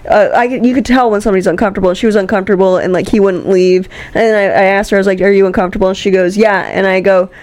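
A young woman co-hosting a casual podcast, telling stories in a lively way and acting out the people in them. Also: mid-range voice, rapid-fire, few pauses. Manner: animated storyteller, acts out voices in her anecdotes. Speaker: podcast co-host. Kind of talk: casual chat.

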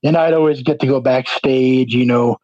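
A man's voice: mid-range voice, fairly even intonation, normal speed, warm tone, no room sound. A man from New Jersey, an independent wrestler, chatting casually as an interview guest and rambling with many "you know" fillers. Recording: dull lo-fi, dry sound.

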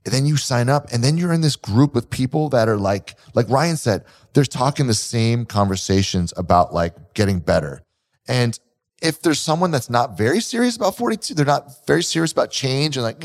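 Energetically spinning stories on the casual podcast he co-hosts, the fitness gym owner speaks at medium pitch and a fairly quick pace. He animates his tales by performing the quotes himself.

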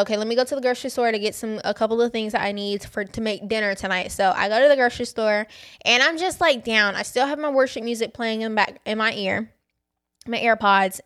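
A woman with a slightly high, fairly bright voice hosts a faith podcast. She candidly tells a personal story and speaks straight to her listeners, whom she calls "y'all," in a conversational way.

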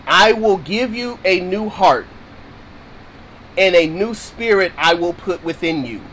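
A man's voice: sits high, lively intonation, measured pace, fairly bright tone, a little hiss or hum, poor audio. A man preaching on scripture in a casual, emphatic way, repeating his points to drive them home. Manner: casual, informal phrasing. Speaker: Bible teacher.

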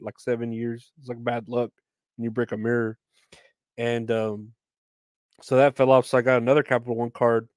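A man's voice: mid-range voice, darkish tone, smooth, no echo, clean studio sound. A young man hosting a podcast, ranting casually about news headlines, rambling, profane and self-deprecating. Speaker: podcast host.

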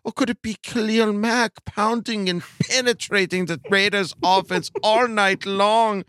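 A man voicing a leering, perverted German man with a put-on German accent, reading a fan letter in a breathy, moaning way. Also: high voice, fairly even intonation, measured pace, a bit bright, dry recording, pitched above the performer's own voice. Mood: lusty, ecstatic. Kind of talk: comic reading of a listener letter.

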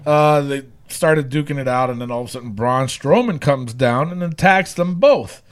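A man co-hosting a podcast, recapping wrestling shows in casual chat, animated and laughing often. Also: mid-range voice, normal speed. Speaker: podcast co-host.

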